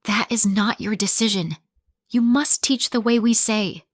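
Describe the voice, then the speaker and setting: Strict male principal, firm, slow, low-pitched, dry close sound, read by a woman. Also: no echo, close to an everyday voice. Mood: stern. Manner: firm, measured, few words. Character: stern male school principal, strict about rules.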